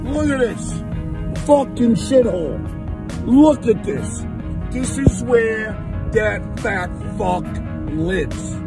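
A man angrily ranting and shouting taunts outdoors in a neighborhood street, filming on a handheld phone. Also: high-pitched, very animated, slow, over music. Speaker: vlogger confronting a critic. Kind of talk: angry street rant.

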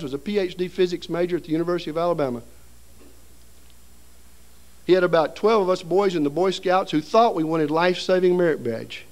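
A middle-aged man preaching at a seminary seminar, telling a story with humor and acting out voices and sounds. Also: high-pitched. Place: seminary hall before an audience.

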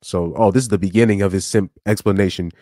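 A man giving casual reaction commentary on a live stream clip, animated, with stammering restarts and frequent laughs. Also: low voice, fast, no echo, studio quality.

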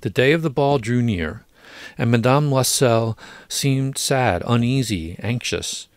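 A man narrating an audiobook of a classic short story in a measured, deliberate way. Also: mid-range voice, no echo, studio quality. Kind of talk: scripted narration.

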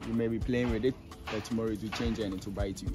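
Man, zoo tour guide, matter-of-fact, outdoors, loud music over him. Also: lowish voice, steady tone, fast.

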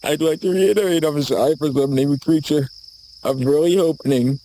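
A man's voice: fairly high pitch, brisk, dark tone, slight background noise, rough recording. Rambling nervous man in a night forest. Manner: nervous rambling, stammers and swears as he lists apologies. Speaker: video creator. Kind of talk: mock apology monologue in a horror comedy short. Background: faint crickets and insects.

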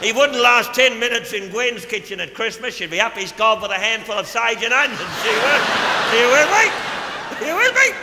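A man's voice: sits high, fairly quick, hardly any pauses, pushed and bright, roomy sound, big-room sound, a little hiss or hum, heavily acted. A man playing a crude, boozy middle-aged Australian official in a live stand-up monologue, with a brash, gleeful drawl and an Australian accent. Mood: boorish. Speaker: stage comedian in character. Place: stage before a live audience. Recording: live theater recording with audience.

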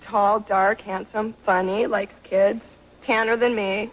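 Slow-talking, giggly young woman. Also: medium pitch, little pitch movement. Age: 20s. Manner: giggly, blunt. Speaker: contestant. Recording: noisy studio with audience.

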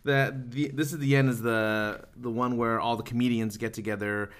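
A man's voice: mid-range voice, fairly even intonation, normal speed, fairly bright tone. A man co-hosting a casual podcast chat, keeping the group on topic with lots of hesitant fillers. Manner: steers the talk, hesitant with fillers. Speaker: podcast co-host.

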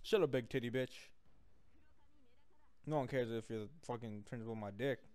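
A man hosting a gaming session, trash-talking his opponent, jumping from yells to low taunting mutters and laughing a lot. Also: moderate pace, clear, resonant tone. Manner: swings between yelling and low taunting mutters, laughs often. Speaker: gaming channel host. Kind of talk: trash-talking gameplay commentary.

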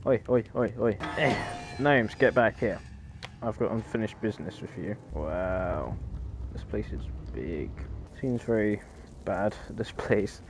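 A man's voice: on the low side, background noise. A man giving casual, jokey let's-play commentary on a horror game, easily startled and chatty. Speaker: gaming YouTuber.

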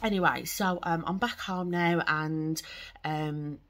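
A woman's voice: sits low, takes it slowly, a bit bright. Chatty young woman vlogging outdoors. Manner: chatty, rambling with many fillers. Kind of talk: casual travel vlog chat. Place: outdoors by a field of horses at a campsite.

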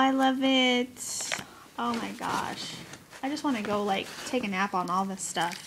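A woman with a gushing, giggly manner, excitedly unboxing gifts in a chatty video. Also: fairly high pitch. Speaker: craft vlogger. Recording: noisy home recording. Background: paper crinkling.

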